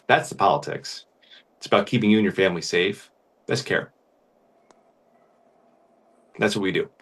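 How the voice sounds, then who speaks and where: A man's voice: sits low, normal speed, husky, far from the mic. A man who works as a family doctor, speaking earnestly and conversationally on a panel and telling stories from his practice. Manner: earnest, conversational, animated storytelling. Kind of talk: panel discussion.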